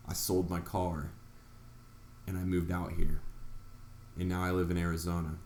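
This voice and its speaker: A man's voice: deep voice, flat delivery, normal speed, darkish tone, reverberant, a little hiss or hum. A man vlogger earnestly telling a personal story, acting out his own reactions along the way. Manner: earnest, retelling events with quoted reactions.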